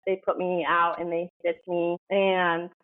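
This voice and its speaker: A woman's voice: lowish voice, little pitch movement, measured pace. A woman guest telling her story casually, full of "like" and acted-out quotes. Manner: chatty, heavy use of "like", acts out quoted dialogue. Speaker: podcast guest. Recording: phone-like narrow band.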